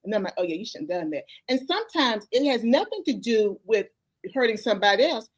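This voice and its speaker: A middle-aged woman speaks as an interview guest, her voice sitting on the high side. She talks in a folksy, warm-hearted way and slips into a preacher-like testimony about faith and how she was raised. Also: big pitch swings, fast talker. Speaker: guest, life coach and author. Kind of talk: emotional conversational interview.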